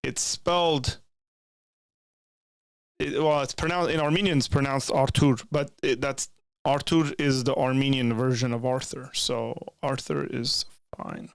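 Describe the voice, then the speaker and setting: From a home room with bookshelves, a young man reads chat and talks casually with his stream viewers, rambling with many restarts and asides. His ordinary-pitched voice is gravelly and full of fry, steady in tone and a little slow. He leans close to a desk microphone, so the sound is close and dry with no room sound.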